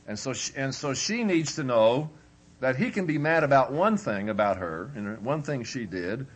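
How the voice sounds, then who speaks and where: A preacher runs a humorous, folksy marriage workshop in a conversational lecture, acting out both husband and wife. His medium-pitched voice is animated and fairly quick.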